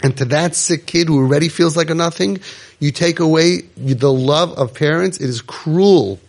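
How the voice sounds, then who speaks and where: At a normal speed and with vocal fry, an emotional man speaks passionately to parents, voicing both parent and child characters and softening into low tones.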